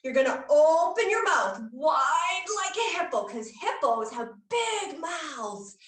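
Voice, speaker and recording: A woman's voice: high voice, very animated, takes it slowly, a bit bright. A woman leading a guided children's yoga class, speaking in a playful, coaxing way and making animal sounds. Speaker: kids yoga instructor. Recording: echoey room, mic far off.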